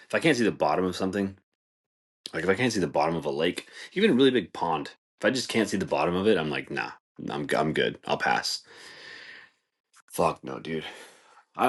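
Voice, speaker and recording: A man with a very low voice hosts a podcast, telling stories in a loose, rambling way. He swears freely and leans on "like" and "dude" in nearly every sentence. When he quotes other people, his voice jumps far higher. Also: slightly rough. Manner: laid-back, swears a lot, fills with "like" and "dude". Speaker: podcast host. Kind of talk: casual storytelling monologue.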